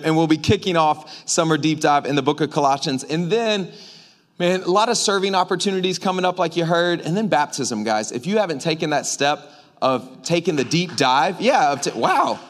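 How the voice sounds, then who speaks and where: A man preaching a casual, joking sermon to his church, talking with the congregation as he goes. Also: fairly high pitch. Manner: joking, conversational, animated preaching with audience asides. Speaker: pastor. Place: church sanctuary.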